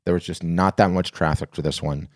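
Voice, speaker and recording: Deep-voiced rambling podcast host. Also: male voice, brisk, no echo, studio quality. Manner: rambling, with frequent restarts; animated storyteller. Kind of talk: casual solo podcast talk.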